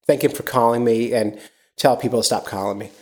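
A man's voice: mid-range voice, fairly even intonation, fairly quick, a little mellow. A man hosting a casual podcast, rambling and upbeat with lots of fillers. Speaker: podcast host.

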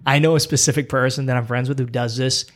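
A man of ordinary pitch hosts a casual podcast from a small home gym room. He tells stories in a relaxed, chatty way and drives his points home with short, emphatic repeats. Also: fast. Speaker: podcast host. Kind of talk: casual chat.

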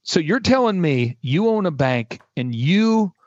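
A middle-aged man telling a long personal story in casual talk, acting out quoted dialogue with lively energy. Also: a little high, a little slow, no echo, lo-fi sound. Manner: animated anecdote with acted quotes.

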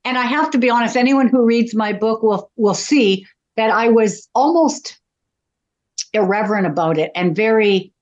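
A woman's voice: fairly high pitch, normal speed. Chatty woman on a dull lo-fi line. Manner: chatty, self-deprecating storyteller. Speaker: psychic medium guest. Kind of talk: casual interview talk.

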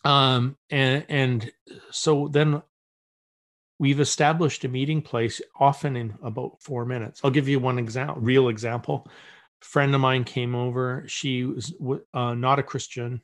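A man's voice: medium pitch, level tone, measured pace. A middle-aged man as a podcast guest, telling a story in casual conversation and acting out the voices he quotes, with many restarts.

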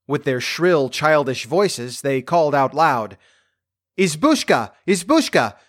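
Male storyteller, mid-pitched voice, gentle fairy-tale reading, dry close recording. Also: unhurried, dry recording. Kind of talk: fairy tale read aloud.

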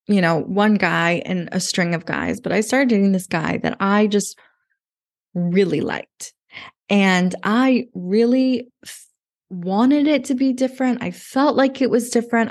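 A woman in her thirties, a podcast guest, telling her story in a chatty way with lots of "like" and quoted thoughts. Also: mid-range voice. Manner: chatty, lots of "like", relives moments in quoted inner voice. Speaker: podcast guest, dating coach. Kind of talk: casual interview storytelling.

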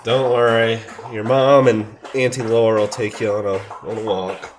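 Young Southern male co-host, lowish voice, jokey, light background noise. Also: steady tone, moderate pace. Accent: American Southern. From North Carolina. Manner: laughs often, joking. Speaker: podcast co-host. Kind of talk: casual chat.

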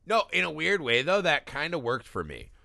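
A man's voice: fairly high pitch, huge pitch swings, normal speed, creaky, bright, forceful tone, no echo, clean studio sound. A man co-hosting a casual film podcast, ranting animatedly, swearing often and laughing as he talks. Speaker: podcast co-host. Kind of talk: casual profane film discussion.

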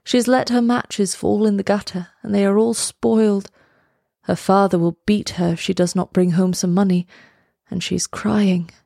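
A woman reading aloud voices a gentle, sorrowful male statue prince in a soft, solemn, measured tone. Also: medium pitch, fairly even intonation, vocal fry, no room sound, studio quality, close to an everyday voice.

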